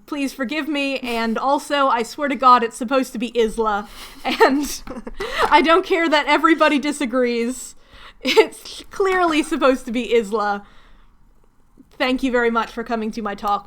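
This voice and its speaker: Woman host, high voice, rambly self-deprecating craft-stream chatter. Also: a bit bright. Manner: chatty, rambling, laughing at herself. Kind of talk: casual livestream chat while crafting.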